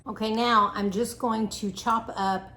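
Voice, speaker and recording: On the high side and bright, her voice is forceful, fairly even in intonation, and a little slow, with slight background noise. This vlogger and wellness coach chats casually while cooking in her home kitchen, laughing easily and saying "y'all."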